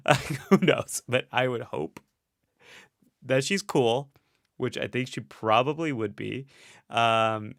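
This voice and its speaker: Low-ish gravelly guy chatting on his stream, laughs a lot, dry close sound. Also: a bit bright, no room sound. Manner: chatty and self-deprecating, laughs often, many fillers. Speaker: host of a live stream. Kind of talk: casual live-stream chat reading comments.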